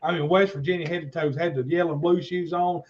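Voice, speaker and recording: A high-voiced man tells a long, rambling story on a livestream, cursing freely and acting out everyone's lines. His voice comes through muffled and lo-fi, like a dull stream feed. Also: fast talker. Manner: animated, swears constantly, acts out quotes. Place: livestream call.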